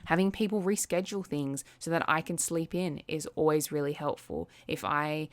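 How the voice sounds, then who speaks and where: A young woman vlogger talking casually to the camera, chatty and quick to act out little quoted asides. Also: low-pitched, animated. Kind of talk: casual chat.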